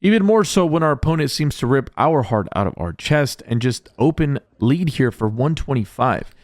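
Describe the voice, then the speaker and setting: A man's voice: mid-range voice, animated, normal speed, no echo, clean studio sound. A man narrating his poker hands as a vlog voice-over, upbeat and jokey in a play-by-play way. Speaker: poker vlogger. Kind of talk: voice-over hand recap.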